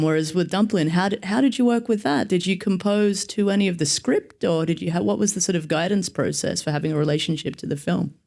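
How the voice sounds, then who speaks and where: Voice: mid-range voice, a little mellow. A host in a casual interview, asking long, multi-part questions. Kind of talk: conversational interview.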